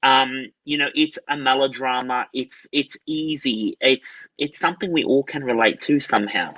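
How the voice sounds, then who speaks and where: Aussie bloke rambling happily in an interview, bright tone, kinda dull lo-fi sound. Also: male voice, medium pitch, moderate pace, breathy edge. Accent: Australian. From Australia. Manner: enthusiastic, rambling with many "you know" fillers. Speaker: guest, tenor. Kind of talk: casual interview chat.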